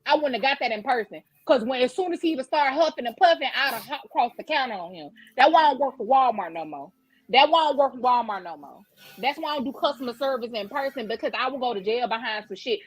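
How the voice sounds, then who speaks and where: A woman co-hosting a podcast, telling a story in a brash, profane, animated way. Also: high voice, fast talker, breathy edge, no room sound. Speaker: podcast co-host. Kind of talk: casual storytelling chat.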